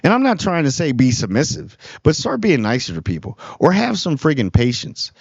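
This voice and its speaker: A man's voice: on the high side, sing-song, fairly quick, creaky, slightly rough, no room sound. Earnest rambling man on a dull recording. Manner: earnest, preachy, rambling with many restarts. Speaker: small YouTube channel host. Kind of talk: casual unscripted monologue.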